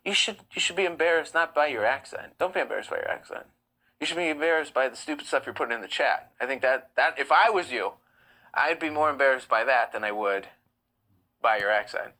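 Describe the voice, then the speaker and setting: A man's voice: medium pitch, brisk, pushed and bright, poor audio. A man hosting a live stream, reading chat comments aloud and answering them bluntly. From United States. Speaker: livestream host.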